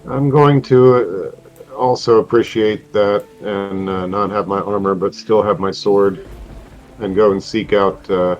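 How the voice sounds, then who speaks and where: A man playing in an online tabletop game, speaking up loudly and hesitantly about his character's actions. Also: fairly low pitch, fairly even intonation, measured pace, dull audio. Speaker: player. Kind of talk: casual game chat. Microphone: computer mic on a video call.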